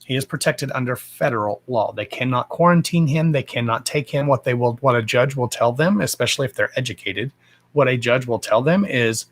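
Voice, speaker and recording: A man's voice: mid-range voice, a little fast. A man hosting a casual livestream from home, talking bluntly and swearing freely in a fired-up, emphatic rant. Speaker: livestream host.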